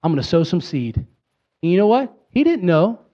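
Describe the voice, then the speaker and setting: Man in his thirties preaching a fiery sermon: high pitched, emphatic, talks straight to the congregation, slightly muffled recording. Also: normal speed. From Pennsylvania. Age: 30s. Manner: emphatic, rising to high excited bursts, talks directly to the congregation. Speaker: pastor.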